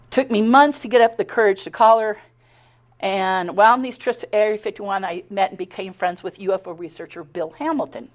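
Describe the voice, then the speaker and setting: A middle-aged woman giving a talk, telling her own story in an animated, conversational way, acting out the dialogue and often stumbling and restarting. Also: mid-range voice. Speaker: speaker giving a talk on her abduction experiences. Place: talk at a spiritual center.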